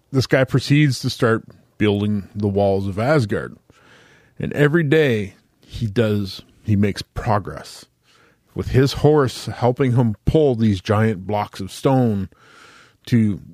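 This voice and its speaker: A man telling a story slowly and casually, stopping and restarting often and swearing freely. His voice sits at an ordinary pitch. The sound is dry and close, with no room echo. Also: a little mellow. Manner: loose, profane, halting with fillers. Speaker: podcast host.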